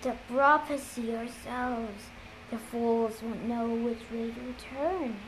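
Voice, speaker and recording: A woman reading aloud, voicing a smug young male villain in a low, quiet, sly tone. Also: fairly even intonation, slow pace, a little hiss or hum, rough recording.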